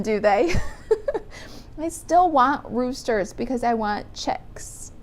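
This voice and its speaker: A woman's voice: a little high, takes it slowly, darkish tone. A middle-aged woman demonstrating paper crafts on a live stream, chatting and reading viewer comments aloud. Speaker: stamping demonstrator.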